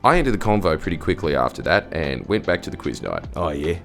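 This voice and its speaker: An Australian man with a fairly low voice reads stories aloud and cracks sarcastic jokes about them. He often jumps into shrill, loud exclamations. Faint music plays beneath him. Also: sing-song, fairly quick, creaky. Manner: sarcastic, jokey, swings into loud squeaky outbursts. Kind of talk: reading and reacting to stories, casual commentary.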